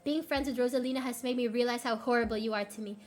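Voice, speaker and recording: A woman's voice: fairly high pitch, steady tone, quick pace, lightly acted. A woman voicing a teenage girl in a game who speaks out heatedly and with resentment against her friend. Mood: resentful. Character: fed-up teen girl finally speaking out.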